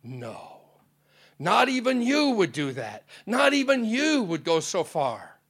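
A preacher voicing Satan as a cringing, indignant fallen angel who stammers and pleads in a dramatic sermon story. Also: male voice, wildly swooping pitch, slow, fairly bright tone, slightly rough, heavily acted. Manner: pleading, stammering, shrill protest.

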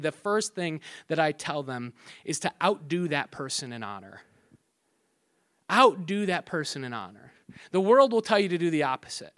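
A man's voice: on the high side, big pitch swings, moderate pace, a bit bright. A middle-aged man preaching as pastor in a conversational way, joking asides and acting out quarrels, often repeating and restarting words. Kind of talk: sermon.

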